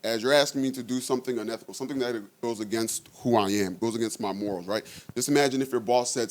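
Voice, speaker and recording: A man's voice: mid-range voice, fast talker, few pauses, a little mellow. A man preaching a conversational sermon, reading scripture aloud and often checking in with his listeners.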